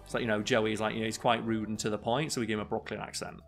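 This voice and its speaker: A man's voice: on the low side, little pitch movement, racing, creaky, soft background music. A young man, co-host of a casual podcast, who rambles with many fillers and restarts. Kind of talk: casual chat.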